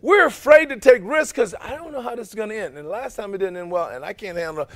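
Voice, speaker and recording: High-voiced man preaching a sermon. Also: fast talker, a bit bright. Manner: emphatic, asks the congregation rhetorical questions. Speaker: pastor.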